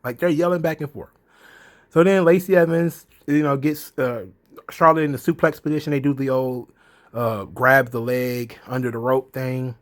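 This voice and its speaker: A man's voice: medium pitch, steady tone, moderate pace. A man hosting a casual commentary vlog, laughing often and talking loosely with profanity.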